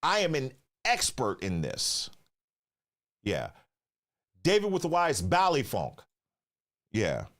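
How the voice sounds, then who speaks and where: A man hosting his channel, talking through video clips in loose, excitable commentary full of swearing and questions to the viewers. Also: mid-range voice, slow pace, long pauses. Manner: excitable, profane, keeps asking viewers to remember. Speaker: channel host reacting to clips.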